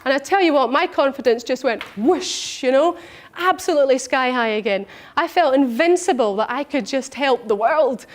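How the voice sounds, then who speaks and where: A woman, a coach telling a personal story in an animated way, acting out her own thoughts. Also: high-pitched, moderate pace.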